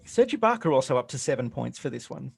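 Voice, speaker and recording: A man giving casual color commentary on a basketball game with a gravelly, creaky edge to his voice. He talks through each play in a relaxed, explanatory way. The sound is dry and close-miked. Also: mid-range voice, quick pace, dry recording.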